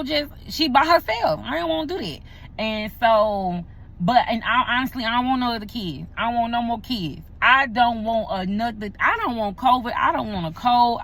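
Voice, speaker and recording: A woman's voice: medium pitch, a bit bright. A woman, a pastor and vlogger, talking casually and emphatically to her viewers, repeating herself for effect. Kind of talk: casual talk to camera.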